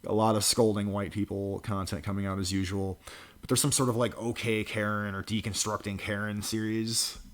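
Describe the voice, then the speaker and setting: A man's voice: on the low side, level tone, normal speed. A man giving a crude, mocking reaction commentary, ranting with profanity and scoffing laughs. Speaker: political commentary vlogger.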